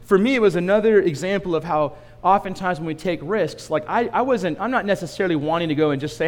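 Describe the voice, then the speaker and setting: Animated male preacher in a reverberant hall. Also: sits high, fast, hardly any pauses. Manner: animated storytelling with asides to the room. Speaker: pastor. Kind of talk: sermon.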